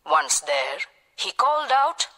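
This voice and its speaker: A woman narrating a children's storybook tale in a lively storytelling manner. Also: fairly low pitch, slow. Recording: long hall reverb.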